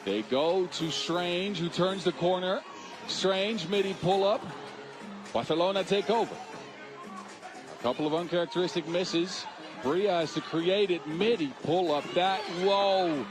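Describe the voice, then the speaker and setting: Male play-by-play caller, high bright voice, live courtside energy over loud arena music. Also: measured pace. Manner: excited, shouting at big moments. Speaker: play-by-play commentator. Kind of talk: live basketball commentary. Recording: music playing loud behind the voice.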